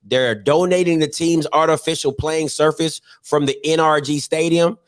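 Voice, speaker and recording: A man hosting an online call-in show, talking in an animated, preachy and joking way full of slang. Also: fairly high pitch, normal speed. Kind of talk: energetic call-in show monologue.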